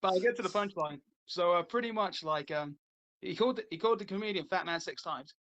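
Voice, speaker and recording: Guy with a high voice rambling on a casual podcast, lots of "like" and restarts. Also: quick pace, a bit bright. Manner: rambling storyteller, full of fillers like "like" and restarts. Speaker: podcast host. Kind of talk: casual chat, retelling a comedy bit.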